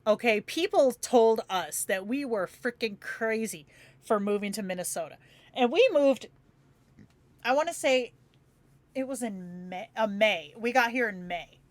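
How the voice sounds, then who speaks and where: A woman who grew up in Phoenix chats loosely with her livestream viewers. She laughs easily and swears without a second thought. Her voice sits a bit high and sounds dry and close. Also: unhurried, dry recording. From Phoenix, Arizona, USA. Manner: chatty, laughs often, swears freely, says "yo". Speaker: livestream host. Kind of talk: casual chat with live viewers.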